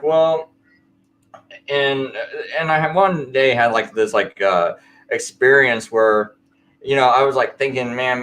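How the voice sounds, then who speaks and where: A man's voice: medium pitch, fairly bright tone. A man telling a personal conversion story in a casual late-night chat, rambling and full of fillers.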